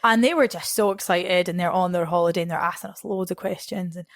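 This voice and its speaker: A woman's voice: fairly low pitch, quick pace, no room sound, studio quality. A young Scottish woman, a podcast guest, telling travel stories in a chatty way, laughing often and acting out what others said. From Scotland. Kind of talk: casual storytelling interview.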